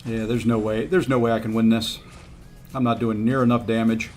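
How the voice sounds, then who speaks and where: Faint music plays behind a man streaming a mobile fighting game. In a lowish, slightly mellow voice with little pitch movement, he talks fairly quickly to himself and his viewers, easygoing and rueful, coaxing the other player along.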